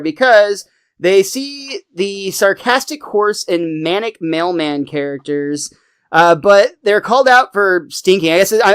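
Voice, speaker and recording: A man's voice: fairly high pitch, clean tone. A man hosting a podcast, recapping a cartoon episode in casual chat and laughing often. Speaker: podcast host.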